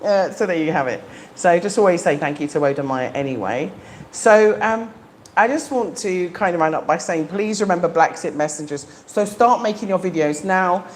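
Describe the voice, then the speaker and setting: A middle-aged woman chats with her live viewers in a loose, upbeat way, peppering her talk with ums. Her voice sits somewhat low for a woman. A faint hum of noise runs behind her. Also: normal speed. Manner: chatty and enthusiastic, frequent ums. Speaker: livestream host. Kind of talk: casual live chat to viewers. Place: home in the Gambia.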